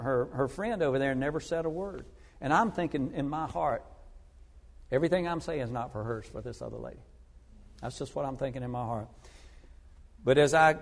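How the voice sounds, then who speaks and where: A man preaching a sermon as an evangelist, telling stories earnestly and moving between loud emphasis and hushed asides. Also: mid-range voice. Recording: long reverb of a large hall.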